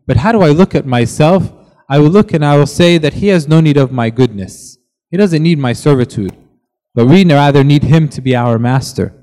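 A man's voice: fairly high pitch, dark tone, long reverb tail, poor audio. A man preaching a sermon in an earnest way, reading scripture aloud with rising emphasis.

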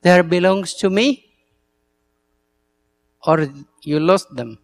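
A man's voice: high voice, lively intonation, slow pace, vocal fry. A male priest with an Egyptian Arabic accent, a native Arabic speaker, giving an earnest talk to church servants and telling stories in broken English.

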